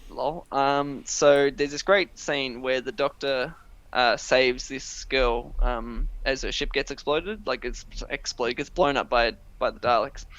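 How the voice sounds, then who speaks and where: A man's voice: mid-range voice, unhurried, a bit bright, dull audio. Young male podcaster, casual, talks in long rambling retellings. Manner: rambling, lots of fillers and retold scenes. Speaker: podcast co-host. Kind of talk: casual chat.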